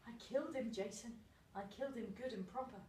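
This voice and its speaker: A woman playing a murderous mother in a stage comedy sketch, speaking calmly and matter-of-factly about terrible things. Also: fairly high pitch, fast talker, close to an everyday voice. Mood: deadpan. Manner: calm, matter-of-fact about dark things. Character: murderous deadpan mother, middle-aged woman. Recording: echoey stage from a distance.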